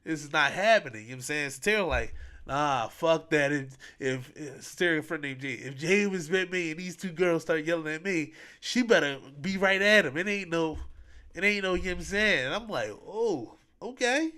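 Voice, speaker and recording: A man with a fairly high voice hosts a podcast and talks a little fast while recounting events casually. His delivery is animated and slang-heavy, with the quotes acted out.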